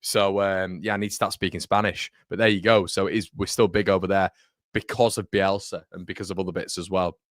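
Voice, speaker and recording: This fan channel host sits low in pitch with fairly even intonation, talking fairly quickly in a fairly bright tone. On his livestream he chats casually, reads comments, rambles, corrects himself, and calls viewers "mate," recorded dry at studio quality.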